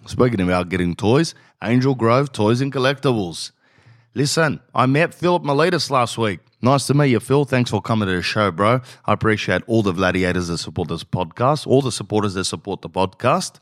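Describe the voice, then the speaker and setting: A man in his thirties with an Australian accent, hosting a podcast in a slangy, animated way and reading an ad. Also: on the low side, brisk, dry recording, studio quality. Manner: slangy, animated, calls listeners bro. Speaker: podcast host. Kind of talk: casual storytelling and ad read.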